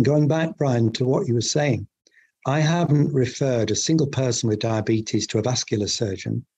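A middle-aged English man, a family doctor, talking earnestly in a relaxed interview, with halting restarts. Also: medium pitch, vocal fry, husky. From England. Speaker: GP guest. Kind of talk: casual interview chat.

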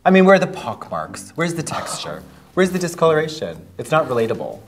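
A man's voice: on the high side, very animated, fairly quick, soft background music. A man co-hosting a comedy show, rambling through absurd stories and breaking into yelping laughs.

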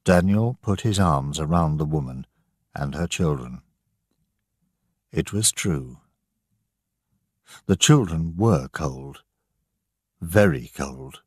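Slow deep guy reading a story out, kinda husky, very dry. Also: dry recording. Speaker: narrator. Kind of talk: scripted storybook narration for learners.

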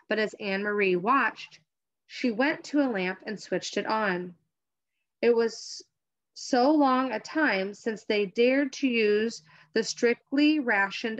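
A woman teacher giving a reading lesson and reading a novel aloud, on a dull lo-fi recording. She explains things in a clear way. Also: mid-range voice, a bit bright.

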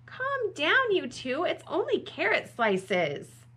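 A woman voicing a bossy young animal friend in a storybook who calls out loudly and chides the others. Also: very high voice, wildly swooping pitch, slow, heavy background noise, pitched above the performer's own voice, full character voice.

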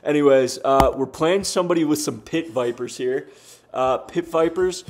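A man's voice: fairly high pitch, moderate pace. A young American man doing casual gameplay commentary as a streamer, laid-back and profane, talking in bursts with lots of fillers and self-deprecating jokes. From United States. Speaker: gaming streamer.

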